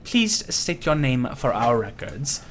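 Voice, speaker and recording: A man's voice: mid-range voice, very animated, slow pace, slight background noise. A man voicing a middle-aged church official who asks formal, probing questions.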